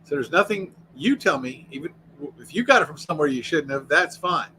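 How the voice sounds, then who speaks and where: A man's voice: a little high, animated, brisk, pushed and bright, slight background noise, poor audio. An American man hosting a casual livestream from inside his RV, rambling and answering the chat as he goes. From United States. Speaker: livestream host.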